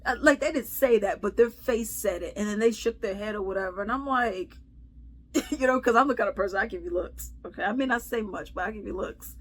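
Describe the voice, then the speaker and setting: A woman vlogger telling a story in casual commentary, chatty and animated, acting out what people said with sighs and laughs. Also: mid-range voice, brisk.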